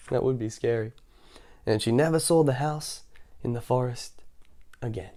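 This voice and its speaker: A man's voice: mid-range voice, a little slow, mellow. A man reading a children's picture book aloud, in a playful way with chatty asides between passages. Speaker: children's story reader.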